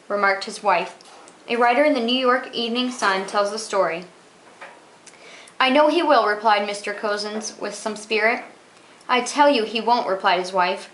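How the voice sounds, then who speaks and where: A woman reading short old magazine stories aloud, expressive and steady. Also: mid-range voice, a little hiss or hum. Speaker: reader. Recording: roomy echo.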